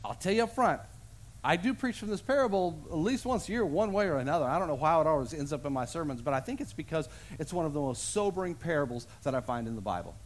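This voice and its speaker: Lively, high-voiced pastor preaching. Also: male voice, fast, a little hiss or hum. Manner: animated storyteller, acts out voices in the parable. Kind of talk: sermon. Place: church sanctuary.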